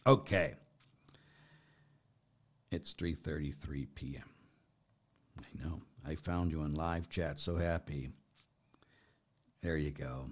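A man's voice: a bass voice, takes it slowly, long pauses. A middle-aged man, a priest hosting a live stream and answering chat comments in a rambling, self-deprecating way. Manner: warm, rambling, self-deprecating, with frequent fillers.

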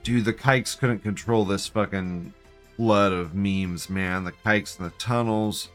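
A man's voice: lowish voice, steady tone, unhurried, faint music behind. A man hosting a live stream, ranting in a profane, agitated way and firing off repeated questions. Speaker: livestream host. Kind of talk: live-stream rant reading chat.

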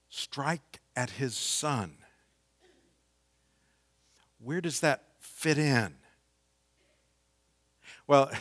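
A man preaching a sermon, explaining scripture slowly and reading passages with strong emphasis. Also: medium pitch. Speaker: pastor.

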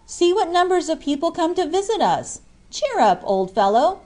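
A woman reading an audiobook, voicing a cheerful, teasing young male miner in a lively, coaxing manner. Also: extremely high pitch, normal speed, voice pushed up. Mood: jovial. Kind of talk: audiobook character voice.

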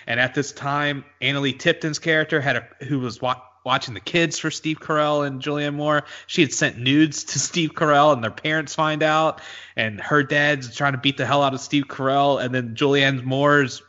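A man's voice: fairly high pitch, steady tone, moderate pace, pushed and bright, highs cut off. A man co-hosting a casual movie podcast, eagerly retelling favorite scenes. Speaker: podcast co-host.

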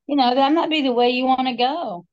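A woman's voice: high voice, a little fast. A middle-aged woman co-hosting a podcast, telling stories in a casual, wry, self-mocking way. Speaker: podcast co-host. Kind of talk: casual chat. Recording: dull lo-fi sound.

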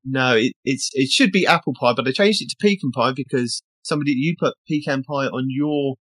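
A chatty host reads out game tasks with a playful lilt. The voice sits in a middle pitch and sounds close and dry, with no room around it. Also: brisk, fairly bright tone, breathy edge, no room sound. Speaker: podcast host reading out tasks. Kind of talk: casual chat.

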